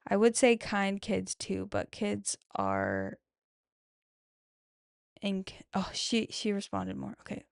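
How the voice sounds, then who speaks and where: A mom podcaster chats on her own into a close mic, slowly reading follower replies about motherhood and warmly affirming each with frequent "I love that". Her mid-range voice is gravelly, creaky and sing-song. The sound is dry and close, with no room sound.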